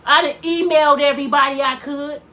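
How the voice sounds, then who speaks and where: A woman's voice: high voice, fairly even intonation, brisk, sharp tone, a little hiss or hum. A middle-aged woman giving an impassioned vlog monologue as a mother, preaching with rhetorical questions in casual dialect. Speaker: mother of an inmate, vlogger.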